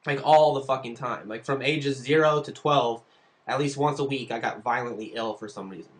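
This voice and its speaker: A man answering fan questions on his vlog, telling stories in a casual, profane and animated way. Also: mid-range voice, normal speed. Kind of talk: casual storytelling.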